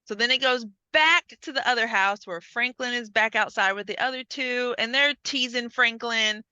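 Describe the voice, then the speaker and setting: A woman's voice: on the high side, moderate pace, bright, forceful tone, clear, resonant tone, dry recording, dull audio. A woman hosting a podcast, chatting casually, swearing freely and acting out lines as she retells a story. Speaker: podcast host. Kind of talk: casual chat.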